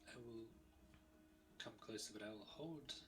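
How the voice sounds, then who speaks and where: A man's voice: on the low side, unhurried. A man taking part as a player in a tabletop game, plainly stating his character's actions. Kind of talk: casual tabletop game chat.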